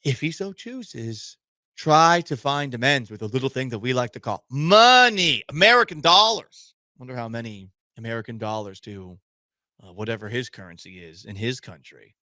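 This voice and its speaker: Man, sports radio host, sarcastic indignant rant, very lively pitch, dry close sound. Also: moderate pace, no echo. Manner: jumps between loud outbursts and quiet asides.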